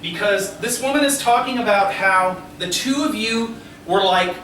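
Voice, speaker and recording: A man with a high, light voice and a moderate pace gives a live mediumship demonstration as a psychic medium to a seated audience in a restaurant dining room. He keeps checking in with his listener and chuckles as he goes. Captured from a distance, the sound is roomy and echoing, with steady background noise underneath.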